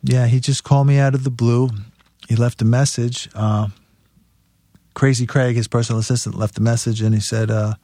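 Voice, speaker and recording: A man's voice: medium pitch, fairly even intonation, brisk, dark tone, dry recording. Profane storytelling guitarist man, dry sound. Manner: profane, laughing as he tells stories. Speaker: guest musician. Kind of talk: casual storytelling.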